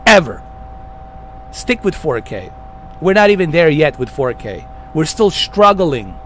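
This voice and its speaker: A heated man rants at the camera, swearing constantly and hammering his points over and over. His voice sits high and swings widely in pitch. A faint noise hums under the recording. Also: sing-song, a little slow. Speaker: gaming channel host. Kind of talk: profane rant to camera.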